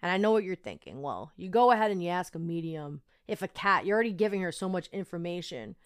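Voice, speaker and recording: A young woman hosting a podcast, telling a personal story in a chatty, animated way with lots of fillers. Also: fairly low pitch, fast talker, clean tone. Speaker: podcast host. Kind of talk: casual storytelling monologue.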